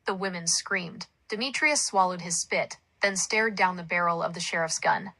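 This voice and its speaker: A woman narrating a story aloud in a plain, even storytelling manner. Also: on the low side, normal speed, rough recording.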